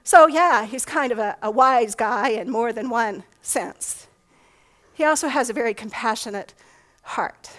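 Brief: middle-aged woman preacher with a high voice and a relaxed, conversational sermon delivery. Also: unhurried, rough recording. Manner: conversational, asks rhetorical questions. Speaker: pastor.

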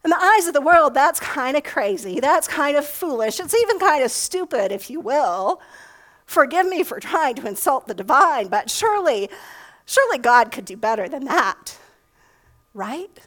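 A woman's voice: high voice, sing-song, normal speed, a bit bright, low-quality recording. A middle-aged woman pastor giving a sermon in a conversational way, often asking rhetorical questions.

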